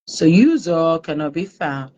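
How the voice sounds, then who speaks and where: A woman hosting a live-streamed talk show, greeting viewers by name and chatting in a warm, emotional way. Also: sits low, very animated, a little slow, lo-fi sound. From Ghana. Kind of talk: casual live-stream chat.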